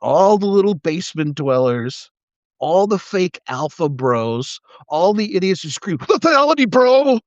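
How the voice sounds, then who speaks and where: A man's voice: fairly high pitch, expressive, unhurried, warm tone, no room sound. Angry profane man ranting on a livestream. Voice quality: profane, sarcastic, mocking put-on voices. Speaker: livestream host, former police officer. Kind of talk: angry political rant. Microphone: phone or webcam on a live video. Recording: dull dry sound.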